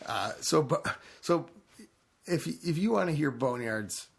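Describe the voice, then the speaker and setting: A man's voice: on the high side, lively intonation, a little slow, vocal fry, breathy edge. Chatty male podcast co-host. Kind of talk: casual chat.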